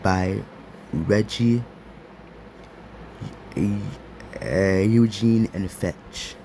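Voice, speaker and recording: A man narrating an improvised fan story, halting, with many repeats and restarts. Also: on the low side, mellow, slight background noise.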